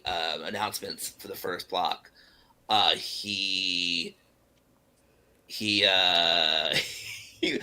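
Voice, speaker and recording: A man with a bright, forward tone tells a story in relaxed podcast chat. He circles back, restarts and fills gaps with "uh" and "um" as he goes. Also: deep voice. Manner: rambling, lots of fillers and restarts. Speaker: guest performer.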